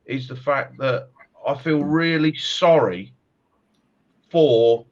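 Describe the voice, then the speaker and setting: Animated man, dull lo-fi sound. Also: medium pitch, takes it slowly. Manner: animated storyteller, laughs often. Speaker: podcast host, martial arts coach. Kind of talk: casual chat.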